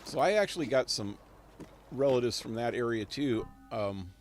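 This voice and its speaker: A man's voice: mid-range voice, animated, normal speed, a little hiss or hum. A man live-streaming a video game, rambling and thinking aloud with chuckles. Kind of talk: live gameplay commentary.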